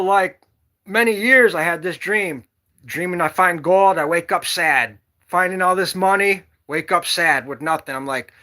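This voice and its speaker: A man with a notably high-pitched voice shares a personal story in an earnest, meandering way. He talks loosely to the camera, full of filler words, from inside a cabin with a woodstove. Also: bright, forceful tone. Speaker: vlogger.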